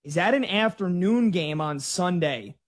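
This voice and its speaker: A man hosting a live sports talk show, excitedly relaying scores and rambling through game schedules. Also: sits high, unhurried.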